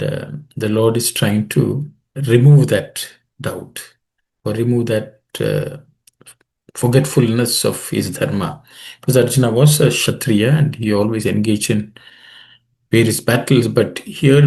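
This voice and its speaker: Gravelly guy teaching a scripture class, slow and explaining, lots of uh and um, rattles off verses fast. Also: medium pitch, darkish tone. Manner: measured, explanatory, with frequent fillers and restarts; chants Sanskrit verses quickly. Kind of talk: online study class, explaining verse pronunciation.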